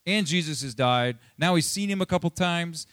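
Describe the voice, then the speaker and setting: A pastor giving a casual, conversational sermon, chatty and animated, acting out Bible scenes in quick asides. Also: male voice, a little high, no echo, studio quality. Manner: chatty, animated, acts out Bible quotes, many fillers.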